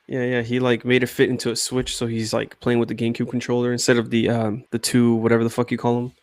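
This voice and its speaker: A young man of middle pitch tells stories in easygoing chat with friends. He rambles and breaks into laughter. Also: monotone, fast, no echo. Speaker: podcast co-host. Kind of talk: casual chat.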